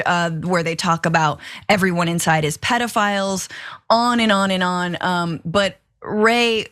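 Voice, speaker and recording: A woman's voice: mid-range voice, fairly bright tone, no room sound, clean studio sound. A woman hosting a news commentary show, talking conversationally with many fillers.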